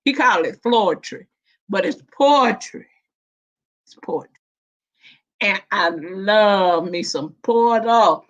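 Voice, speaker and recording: A woman chatting casually on a live stream panel, animated and laughing often, with colloquial slang. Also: medium pitch, slow pace, long pauses. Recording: dull lo-fi stream audio.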